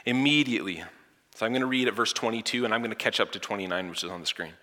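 A male pastor preaching a sermon with great drama, dropping to hushed near-whispers and then rising to loud, emphatic lines. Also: fairly low pitch, very fast. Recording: echoey church hall.

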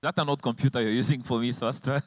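A man's voice: mid-range voice, fairly even intonation, very fast, no room sound. Emotional male preacher, dry sound. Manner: emotional storytelling, voice rising and falling sharply. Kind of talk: sermon with personal testimony. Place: church with slides and a helper at the computer.

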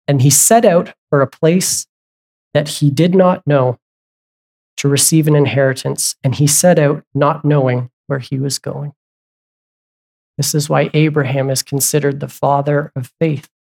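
Pastor preaching, chatty sermon, keeps asking the church questions, middle pitch. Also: a little mellow. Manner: asks the congregation repeated questions; conversational, with asides and self-corrections.

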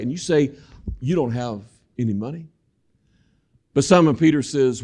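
A man's voice: medium pitch, animated, moderate pace, a little mellow. A man preaching a sermon in a church, walking about as he talks, folksy and repetitive, calling the congregation "folks". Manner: folksy, repeats words, addresses congregation as folks. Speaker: guest preacher. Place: church sanctuary. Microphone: walking while preaching, moving around the mic.

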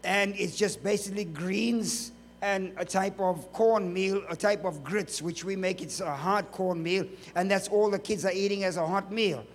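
A man's voice: high voice, steady tone, moderate pace, a little hiss or hum. A man preaching a sermon, emphatic, firing off rhetorical questions and dropping joking asides.

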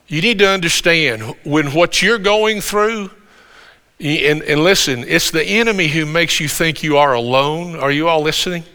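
A man preaching a sermon as pastor in a conversational way, stumbling over restarts and building to loud emphasis. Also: on the high side, normal speed, smooth. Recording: long hall reverb.

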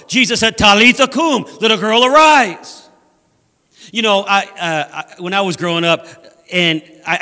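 A man preaching a sermon as a guest speaker in a church, animated and acting out voices from scripture. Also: high voice, in a large hall. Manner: animated, acts out scripture voices, laughs at own jokes. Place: church sanctuary.

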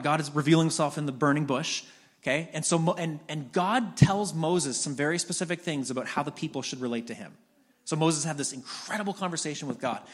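A pastor preaches a sermon, retelling scripture conversationally like a story and often restarting his sentences. In prayer, he drops to a soft, low voice.

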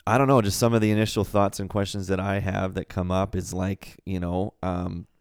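A man co-hosting a podcast, talking through a Bible passage in a relaxed way and thinking aloud with frequent fillers. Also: low voice, normal speed, smooth, no echo, clean studio sound. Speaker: podcast co-host. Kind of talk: casual Bible discussion.

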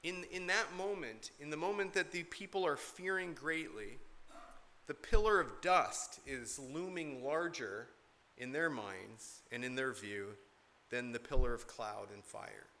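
A man's voice: medium pitch, a little slow, pushed and bright, a little hiss or hum. A man preaching an expository sermon from the pulpit, earnest and emphatic, repeating key points to drive them home. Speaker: pastor.

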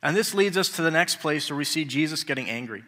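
A man's voice: fairly high pitch, expressive, quick pace, sharp tone, long reverb tail. A man preaching a sermon in a conversational way, asking the congregation rhetorical questions. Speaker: pastor.

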